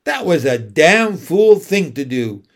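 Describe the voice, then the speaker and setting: A man's voice: very animated, takes it slowly, vocal fry, full character voice. A man voicing a plain-spoken rural father, terse and folksy in his talk. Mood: gruff. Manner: terse, folksy, low-key.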